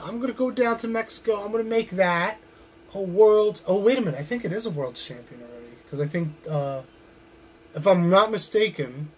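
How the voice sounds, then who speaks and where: A man with a slightly high voice cuts a drawn-out wrestling promo in the voice of a pro wrestler. He broods with intensity and now and then erupts into loud shouts. Underneath the bluster he sounds tired and drained. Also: husky.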